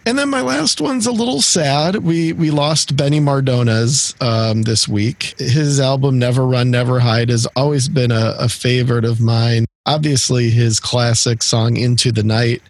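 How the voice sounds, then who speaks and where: A man's voice: mid-range voice, measured pace, hardly any pauses, no room sound. A middle-aged man from the area co-hosting a casual music podcast, rambling with lots of fillers and restarts. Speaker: podcast co-host.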